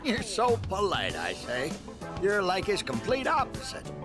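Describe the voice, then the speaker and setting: An actor playing a gentle, forgetful elderly bookstore owner who rambles and teases in a video game. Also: male voice, high voice, huge pitch swings, unhurried, music in the background, heavily acted. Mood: warm, teasing.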